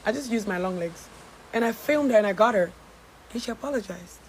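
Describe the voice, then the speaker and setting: A woman from Gambia tells a story time straight to camera. She is sassy and animated, with a mid-range voice and a faint hum of room noise behind her. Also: mid-range voice, fairly quick, low-quality recording. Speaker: social media storyteller.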